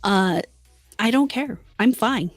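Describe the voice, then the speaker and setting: A woman's voice: fairly high pitch, expressive, takes it slowly, no room sound, soft background music. A woman co-hosting a casual chat, blunt and wry, swearing freely. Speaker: podcast co-host.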